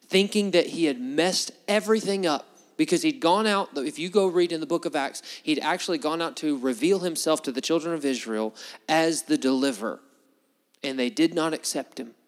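Male preacher, slightly high voice, lively storytelling sermon, long hall reverb. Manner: storytelling, acts out biblical dialogue with shifting pitch.

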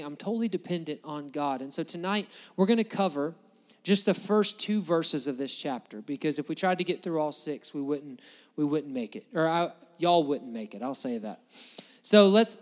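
A man's voice: fairly high pitch, in a large hall. A man preaching a sermon as pastor, emphatic and building his points through repetition. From United States.

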